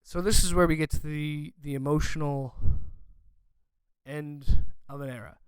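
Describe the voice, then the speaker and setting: A young man hosting a podcast, gushing emotionally about a movie with many excited restarts. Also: fairly high pitch, unhurried, clear, resonant tone, no echo. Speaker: podcast host.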